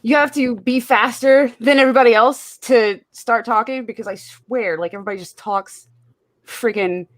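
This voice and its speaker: A woman's voice: on the high side, normal speed. A woman from Louisiana with a Louisiana accent, chatting casually as a guest on a live stream.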